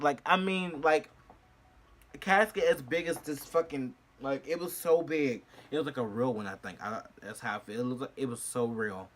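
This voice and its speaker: A young man telling a storytime vlog in an animated, profane way, swinging from shrieks to low murmurs. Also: moderate pace, soft background music. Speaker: vlogger.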